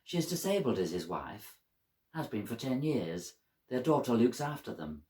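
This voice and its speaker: A middle-aged man tells his story in a dry, understated monologue. His mid-pitched voice moves through a lively range, recorded at home. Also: moderate pace. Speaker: monologue performer. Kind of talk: dramatic monologue narration.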